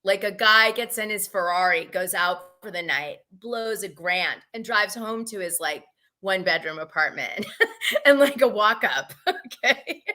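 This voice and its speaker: A woman hosting a relaxed gossip live stream, chatting frankly and laughing a lot. Her voice is bright and forward, sitting at a middle pitch, with a loose, conversational flow. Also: unhurried. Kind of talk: casual gossip chat. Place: home, Los Angeles area.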